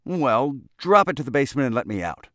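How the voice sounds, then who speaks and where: Pompous, rattled lobbyist with a mustache, sharp and quick, done by a male reader. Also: medium pitch, sing-song, no echo, studio quality, pitched above the performer's own voice. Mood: sharp, nervous. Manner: sharp, demanding.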